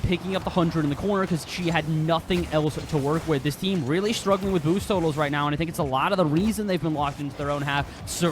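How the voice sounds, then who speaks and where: A man casting a live esports match as play-by-play commentator, excitable and quick to shout on big plays. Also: fairly high pitch, noisy background. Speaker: esports caster.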